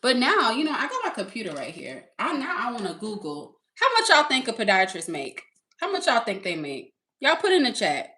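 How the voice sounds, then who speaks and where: A woman's voice: a little high, wildly swooping pitch, fairly quick, sharp tone. A woman streaming live, chatting casually and rambling while she reads the chat and talks to her viewers. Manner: rambling, reading chat aloud, laughing often; talks to the audience as y'all.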